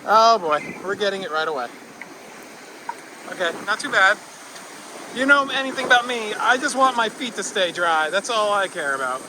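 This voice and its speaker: Brief: high-pitched, animated male vlogger from the US Northeast, excitable ride commentary, loud park noise behind. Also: normal speed, pauses often. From northeastern United States. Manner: excitable, squeals and whoops on rides. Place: outdoors at a theme park water ride. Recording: noisy outdoor park recording.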